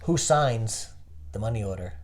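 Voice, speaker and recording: A man's voice: on the low side, animated, normal speed. A man from New Jersey, a guest in a casual interview, who tells stories and quizzes the interviewer with questions. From New Jersey, USA.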